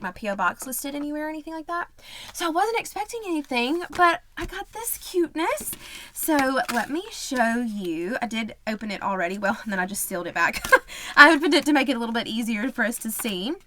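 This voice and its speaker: A woman's voice: fairly high pitch, a bit bright, dry recording. A woman hosting a budgeting channel, talking casually and cheerfully to her viewers, often laughing and repeating words for emphasis. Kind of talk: casual chat to camera.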